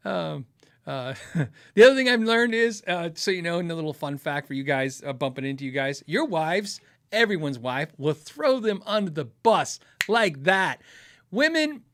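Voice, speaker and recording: A man's voice: fairly high pitch, big pitch swings, normal speed, a bit bright. A middle-aged man hosting a live podcast, chatting casually through viewer questions, laughing often and acting out quoted voices as he tells stories. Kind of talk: casual live-stream chat.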